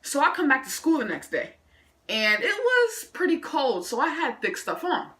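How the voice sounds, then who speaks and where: A woman vlogger telling a story from school in an animated, slangy way, adding her own sound effects. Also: high-pitched, moderate pace. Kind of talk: casual storytime vlog.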